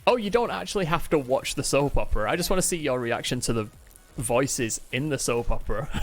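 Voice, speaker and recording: Faint music plays behind a man's animated, mid-range voice as he talks at normal speed. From England, with a mixed Manchester-Yorkshire accent, he laughs a lot while casually chatting to live-stream viewers from his home mid-move, using a desk mic and a camera on a temporary tripod.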